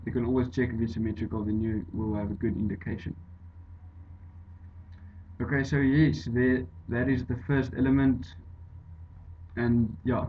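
A man explaining an engineering derivation over slides in a halting way, with many fillers and restarts. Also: medium pitch. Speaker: engineering tutor. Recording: dull lo-fi voice-over with faint hiss.

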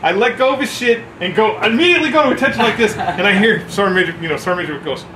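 A man telling a profane story about boot camp among coworkers, acting out shouts as he goes. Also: high voice, very fast, echoey room, background noise. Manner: animated, swearing, acts out shouts. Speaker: former Marine telling a story.

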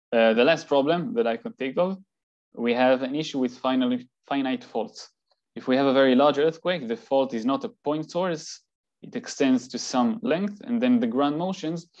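Measured man giving a lecture. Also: medium pitch, darkish tone, muffled recording. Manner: measured, explanatory, occasional fillers. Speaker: seismology lecturer. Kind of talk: academic talk with slides.

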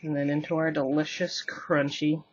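A woman with a slightly low voice rambles through a home cooking video in her kitchen, poking fun at herself and laughing as she goes. Oil sizzles faintly behind her over a light hiss. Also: moderate pace, dull audio. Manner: rambling, self-deprecating, laughs often. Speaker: cooking vlogger. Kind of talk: casual chatty cooking demo. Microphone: camera on the counter, later a handheld camera.

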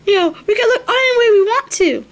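A woman voicing a chatty, girly female Easter egg who talks in excited, gushing bursts. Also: extremely high pitch, brisk. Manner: gushing, excitable girlfriend talk.

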